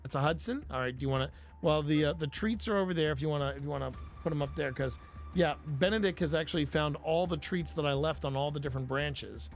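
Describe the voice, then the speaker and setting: A man's voice: fairly high pitch, fast talker, slight background noise. A man hosting a live stream, chatting casually and rambling with his viewers. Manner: rambling, self-interrupting, playful banter with chat.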